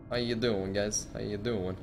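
A man's voice: on the low side, steady tone, normal speed, vocal fry, soft background music. A man streaming a horror game, giving profane, jumpy running reactions to what he sees. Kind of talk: live gameplay commentary.

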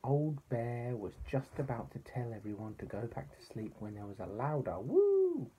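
A father reading a bedtime story aloud to his son, gentle and expressive. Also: medium pitch, moderate pace, husky, rough recording.

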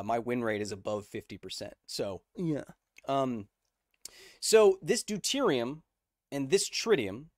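A man's voice: medium pitch, no echo, clean studio sound. A man hosting a casual livestream, explaining science conversationally, checking in with viewers and answering their chat messages. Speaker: host.

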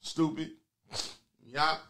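A man hosting a comedy call-in show with loud, crude, taunting banter aimed at his callers. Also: drawn-out words, slight background noise.

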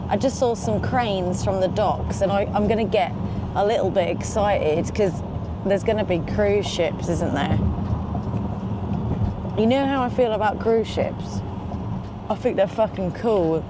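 An excitable, chatty woman vlogging from a moving car, swearing casually as she talks. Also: mid-range voice. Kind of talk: casual road-trip chat. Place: in a car on the road. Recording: road noise behind. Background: car and road noise.

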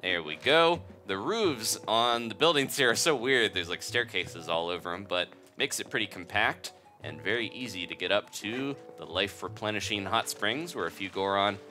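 A man giving casual, jokey commentary over a game playthrough as the video's host, chatty and quick to laugh. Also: on the low side, animated, sharp tone, faint music behind.

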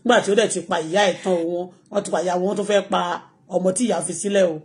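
A Nigerian woman with a Yoruba accent hosting her own live stream, ranting excitably and mixing English with Yoruba. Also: medium pitch, rapid-fire. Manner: excitable, switching between English and Yoruba, bursts of shouting and laughter. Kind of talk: animated live-stream rant.

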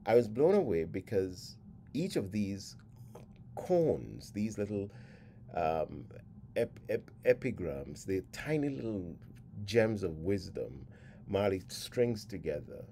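A man giving a spoken lecture on song lyrics, in a deliberate, reflective way that sometimes drops to a hush. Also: sits low, lively intonation, a little hiss or hum.

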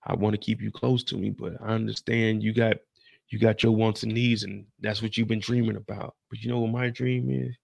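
A man's voice: fairly low pitch, level tone, a little fast, creaky, darkish tone, no echo. A man voicing a cocky young male drug dealer who talks blunt, boastful street slang.

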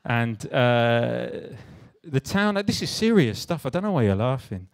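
A man's voice: mid-range voice, big pitch swings, a little slow, vocal fry. A young English man from the West Country giving a casual talk to a live audience, joking and swearing as he banters with the crowd. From West Country, England. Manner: self-deprecating, sweary, jokey banter with the audience. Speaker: speaker at a creative talk. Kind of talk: casual stand-up style talk. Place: live event venue with audience.

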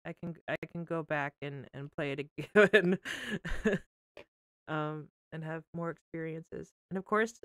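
A woman game streamer chatting casually while tearful and crying, talking in an emotional, halting way and laughing through her tears. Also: sits low, smooth, no echo, clean studio sound. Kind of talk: casual livestream chat.

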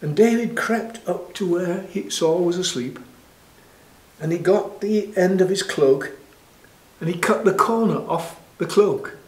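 A man telling a Bible story to children in a lively, animated way, with frequent restarts. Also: high voice, unhurried. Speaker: church storyteller. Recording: echoey room.

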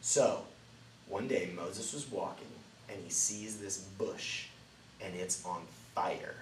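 A man teaching a children's Bible lesson as a lively storyteller, swinging between loud and hushed delivery. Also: low voice, slow pace. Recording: roomy, distant mic, faint ambient noise.

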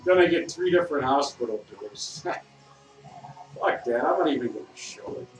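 Man at a bar, profane rambling rant with sudden shouts, lively pitch, recorded from a distance in a roomy space. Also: normal speed. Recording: echoey room, distant mic, faint music.

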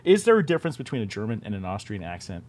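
A man's voice: lowish voice, sing-song, rapid-fire, darkish tone. A man hosting a game studio's live stream in casual chat, talking loosely and often repeating himself as he restarts sentences. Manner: chatty, self-interrupting, repeats words.

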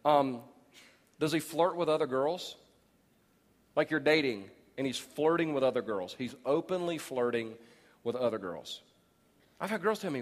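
A man in his forties preaching a sermon as pastor, animated and jokey, acting out people he talks about. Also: mid-range voice, normal speed, pauses often. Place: large church auditorium. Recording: long hall reverb.

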